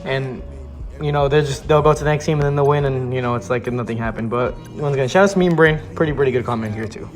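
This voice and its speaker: A man's voice: mid-range voice, quick pace, soft background music. A man giving an exasperated ranting commentary on viewer comments, swearing often and restarting his sentences. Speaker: YouTube commentator.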